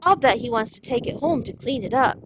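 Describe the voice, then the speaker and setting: A woman's voice: a little high, animated, fairly quick, highs cut off, noisy background, natural voice. Amelia Bedelia, a woman voicing a chipper literal-minded housekeeper. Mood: cheerful. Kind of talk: children's storybook read-aloud.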